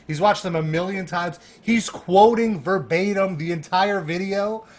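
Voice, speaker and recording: A man guesting on a podcast, telling an animated story with laughter and lots of "like" fillers. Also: high-pitched, measured pace. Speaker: guest, music journalist.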